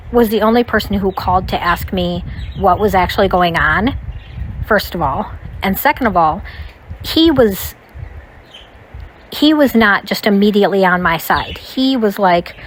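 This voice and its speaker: A woman's voice: medium pitch, slight background noise, rough recording. A woman recounting a personal story in a casual, rambling way, full of "like" and "you know". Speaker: storytime vlogger.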